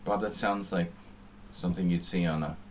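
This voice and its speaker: Deep-voiced man chatting offhand. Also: steady tone, normal speed, slight background noise. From United States. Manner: rambling, offhand and wry. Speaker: chess streamer. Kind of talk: casual chat while playing online chess.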